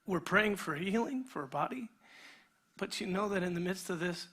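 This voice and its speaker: A man, a pastor, preaching a sermon in a conversational way, sometimes dropping to a near whisper and sometimes building to an animated retelling. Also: high voice, normal speed, breathy edge. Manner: shifts between quiet intimate passages and energetic animated retelling; conversational, with restarts and filler words.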